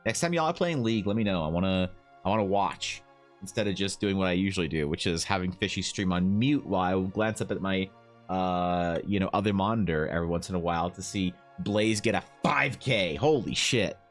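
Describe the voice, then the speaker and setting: A man's voice: brisk, soft background music. A man streaming while he draws, chatting casually and joking with viewers as he reads their messages. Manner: joking, teasing chat with swings in pitch. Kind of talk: casual live-stream chat.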